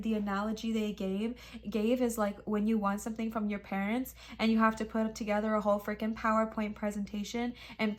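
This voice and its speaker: A young woman giving a casual tarot reading to camera. She talks in an emphatic, reassuring, slangy way and addresses viewers as friends. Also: mid-range voice. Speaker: tarot reader.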